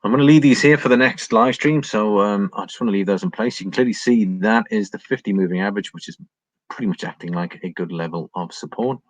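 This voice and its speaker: A man's voice: on the low side, no room sound, rough recording. An Englishman commentating on market charts in a casual livestream, thinking aloud with frequent ums and chatting to viewers. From England. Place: home, living in Ireland.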